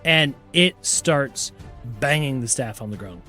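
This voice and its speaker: A man narrating as game master of a tabletop game, talking in a relaxed, hesitant way with many fillers. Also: medium pitch, a little slow, faint music behind.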